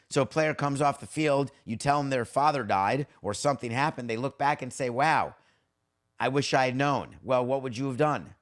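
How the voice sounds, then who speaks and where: A man's voice: mid-range voice, a bit bright. A middle-aged man hosting a sports podcast, talking in a blunt, wry, conversational way. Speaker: podcast host. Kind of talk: casual sports talk monologue.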